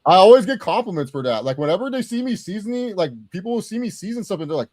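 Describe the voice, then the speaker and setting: A young man co-hosting a casual movie review chat, animated and swearing freely as he acts out quotes. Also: high voice, racing, few pauses, dry recording, studio quality. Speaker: co-host of a movie review show.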